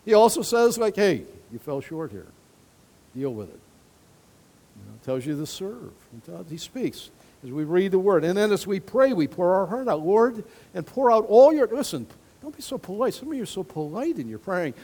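A man's voice: high voice, big pitch swings, a little fast, dark tone, husky. A male pastor giving a conversational sermon to his congregation, mixing Bible quotes with personal stories and light laughter. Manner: conversational preaching with asides and laughs.

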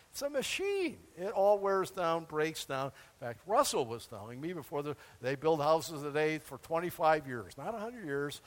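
Older male pastor, folksy emphatic sermon, lively pitch, hall echo. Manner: folksy and emphatic, with asides and chuckles.

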